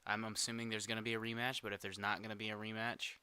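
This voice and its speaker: A man with a lowish, bright and smooth voice chats on a wrestling podcast. He speculates eagerly about what might happen next. The sound is dry and close. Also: little pitch movement, fast, dry recording. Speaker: podcast co-host. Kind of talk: casual podcast chat.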